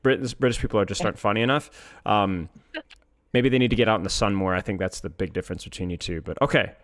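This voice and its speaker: A man's voice: on the low side, fast talker, a bit bright. A man coaching a player in a casual chat, joking and teasing as he goes. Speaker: game coach.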